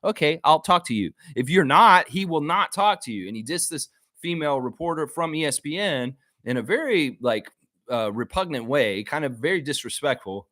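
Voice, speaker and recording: A man's voice: on the high side, lively intonation, moderate pace, bright, forceful tone, no room sound, clean studio sound. A man hosting a live sports chat stream, brash and trash-talking, reading viewer comments aloud.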